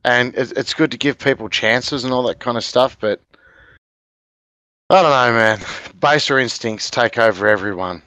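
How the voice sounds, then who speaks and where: A man's voice: mid-range voice, normal speed, sharp tone, no room sound. A man with an Australian accent, chatting casually on a podcast, a rambling storyteller who laughs often. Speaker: podcast guest, game video maker. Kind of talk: casual chat.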